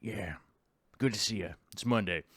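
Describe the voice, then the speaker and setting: A man's voice: fairly low pitch, moderate pace, fairly bright tone, no room sound, studio quality. A tired, jet-lagged man hosting a casual live stream from home, rambling and restarting his sentences as he greets viewers. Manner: rambling, restarts often, chats with viewers and dog.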